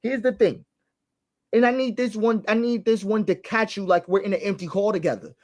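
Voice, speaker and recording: A man's voice: sits high, steady tone, brisk, a little mellow, slight background noise. A man hosting an online show, delivering impassioned political commentary with emphatic repetition and long lists. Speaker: commentary host.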